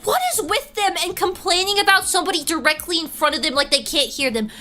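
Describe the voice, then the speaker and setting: A woman's voice: extremely high pitch, fast, sharp tone. A young adult woman streamer telling a gossipy story in casual chat, laughing often and answering her chat.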